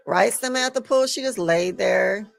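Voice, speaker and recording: A woman's voice: medium pitch, moderate pace, vocal fry, no room sound. A woman co-hosting a casual live stream, playful and teasing. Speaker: co-host.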